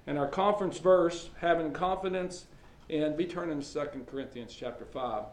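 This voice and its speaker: A man's voice: on the high side, normal speed. Folksy male preacher in an echoey hall. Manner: folksy storytelling with many fillers and restarts. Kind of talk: sermon. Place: church hall. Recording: echoey church hall with faint ambience.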